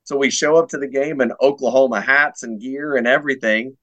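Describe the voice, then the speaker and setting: A man co-hosting a casual sports podcast, relaxed and laughing along. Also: mid-range voice, fairly quick, lo-fi sound. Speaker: podcast co-host.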